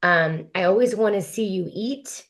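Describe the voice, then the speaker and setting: A woman being interviewed on a podcast, a singer speaking in a reflective, heartfelt way with frequent pauses to think. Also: medium pitch. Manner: reflective, many um fillers, heartfelt. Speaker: guest, country singer.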